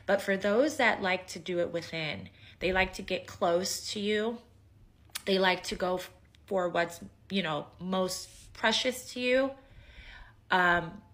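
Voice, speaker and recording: A woman's voice: medium pitch, slow pace, fairly bright tone. A woman giving emphatic, judging commentary on someone else's story. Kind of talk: reaction commentary.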